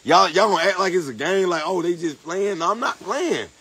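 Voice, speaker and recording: A man joking around with his partner at a pool at night, cursing and complaining loudly. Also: high-pitched, fairly quick, husky, poor audio. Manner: profane, animated, indignant. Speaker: vlogger. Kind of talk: casual banter.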